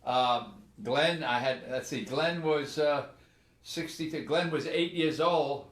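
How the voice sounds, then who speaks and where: An older man with a New York accent, chatting casually and easygoingly on a live stream, chuckling and pausing as he recalls things. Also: on the high side, a bit bright. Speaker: retired firefighter co-host. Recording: echoey room.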